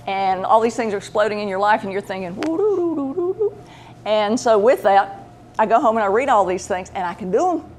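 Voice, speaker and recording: Lady telling a story, lively, does all the voices, slight hiss behind. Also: medium pitch, brisk. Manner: animated, acts out quoted voices. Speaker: pet medium, show host. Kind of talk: casual storytelling.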